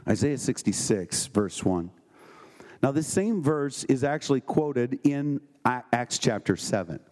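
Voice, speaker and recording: A male preacher working through scripture in an evening sermon at a medium pitch. He reads verses aloud and breaks off to ask the congregation quick questions. His delivery is conversational and emphatic. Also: animated, darkish tone.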